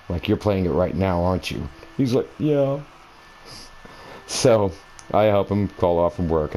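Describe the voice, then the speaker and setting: A man with a deep, mellow voice talks casually over his console gameplay. He wanders from one thought to the next, full of fillers and restarts, and a faint hiss sits under the recording. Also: low-quality recording. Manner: meandering, conversational, many fillers and restarts. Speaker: gaming video creator. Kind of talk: rambling personal storytelling over gameplay. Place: at home, playing a console game.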